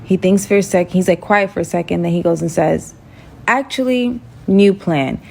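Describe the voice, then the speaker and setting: A young woman telling a dramatic personal story in a chatty, animated way, full of asides. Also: lowish voice, quick pace, gravelly. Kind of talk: casual storytime monologue.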